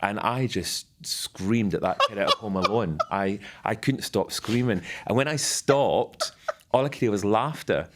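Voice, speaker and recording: A man with a very low voice spins a long, lively anecdote as a guest on a chat show. He laughs often and keeps a loose, conversational flow. He is middle-aged. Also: unhurried, slight background noise. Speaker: former royal butler guest.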